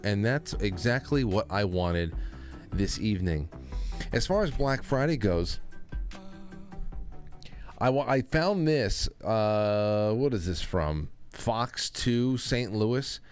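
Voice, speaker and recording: A man's voice: on the low side, lively intonation, slow pace, faint music behind. A man hosting a casual talk show, rambling with restarts and asides. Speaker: host.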